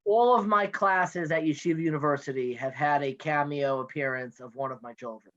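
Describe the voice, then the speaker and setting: This guest is an NCSY education director in his thirties, calling in on video from his home office for a casual interview. His fairly high, slightly bright voice comes through dull lo-fi audio as he talks chattily and playfully, quick to joke.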